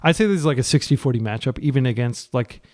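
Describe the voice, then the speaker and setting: A man giving casual, running commentary while playing an online card game. He gets excitable, pleads with his deck, and his voice jumps up when he is frustrated. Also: mid-range voice, fast. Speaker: card game player and channel host.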